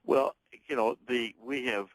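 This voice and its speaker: A man's voice: medium pitch, measured pace, no room sound, low-quality recording. A man speaking as a guest author and political commentator on a radio talk show, talking emphatically in long runs with frequent restarts.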